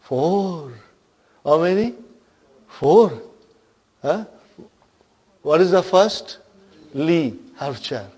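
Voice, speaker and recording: A man's voice: fairly high pitch, expressive, very slow, long pauses, dark tone, slightly rough. A man teaching an Arabic grammar class, patiently explaining terms and often checking that his students follow.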